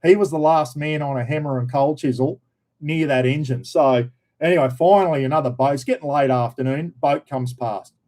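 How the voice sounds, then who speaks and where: An Australian man casually telling a story, acting out other people's shouted lines and laughing as he talks. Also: fairly high pitch, normal speed. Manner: animated, acts out quoted shouts, laughs mid-sentence. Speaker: vlogger, former police officer.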